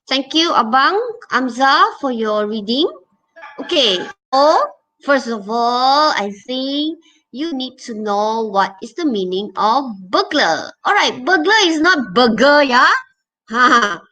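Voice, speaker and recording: A woman leads an online English revision class in a bright, crisp voice that sits a little high. She explains each step patiently and keeps checking in with "okay?" and "all right?". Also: expressive, takes it slowly, rough recording. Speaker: English teacher. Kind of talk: online exam revision lesson.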